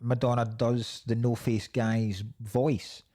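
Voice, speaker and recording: A man co-hosting a podcast, chatting about a film with an animated, joking manner. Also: medium pitch, slow. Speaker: podcast co-host. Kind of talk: casual film review chat.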